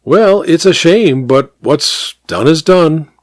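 A man voicing a genial, easygoing gentleman who reassures his friend in a breezy, upbeat way. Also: fairly high pitch, lively intonation, slow pace, no room sound, clean studio sound, voice pushed up.

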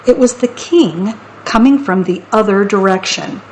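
Slow, playful woman reading a picture book. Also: medium pitch, a little hiss or hum, rough recording. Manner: playful, expressive narration. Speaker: storyteller. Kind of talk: picture book read-aloud.

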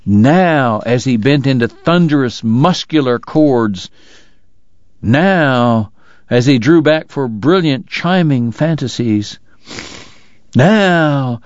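A man reading an audiobook in a slow, measured, dramatic narration. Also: mid-range voice, animated, darkish tone, dry recording, highs cut off. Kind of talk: scripted narration.

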